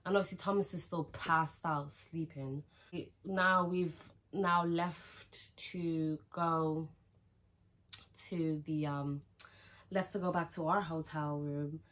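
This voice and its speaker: A woman's voice: deep voice, fairly even intonation, takes it slowly, fairly bright tone. A young woman, chatting frankly through a casual storytime, with lots of "like" and some swearing. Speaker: vlogger.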